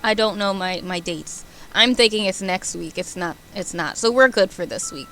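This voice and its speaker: A young woman streamer chatting casually with her viewers, animated and giggly, rambling between topics. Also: lowish voice, vocal fry, a little hiss or hum.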